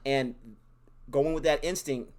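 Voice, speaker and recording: A man with a mid-pitched voice, steadily recapping plot. He slips into short acted quotes, then drops back to calm commentary. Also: a little fast. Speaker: co-host reviewing a series. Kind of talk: casual review chat.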